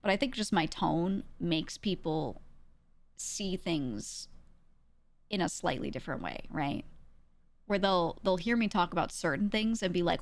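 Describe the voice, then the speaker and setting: A woman streamer chatting casually with viewers in a measured, even way, using casual slang and laughing often. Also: mid-range voice.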